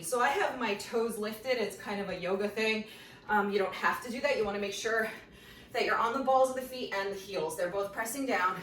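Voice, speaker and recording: A woman's voice: mid-range voice, a bit bright. A woman leads a workout class, counting reps and calling out form cues while she moves along with it, a little out of breath. She sits back from the microphone, and the room gives her voice an echo over a faint hiss. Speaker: fitness instructor. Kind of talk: guided workout class instruction. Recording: roomy sound from a distant mic with faint noise.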